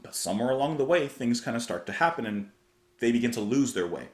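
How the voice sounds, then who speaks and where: A man's voice: mid-range voice, lively intonation, quick pace, darkish tone, roomy sound. A man hosting a casual music reaction video, thinking aloud about lyrics in a rambling way and often correcting himself. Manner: thoughtful, rambling, self-correcting. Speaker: music reaction channel host.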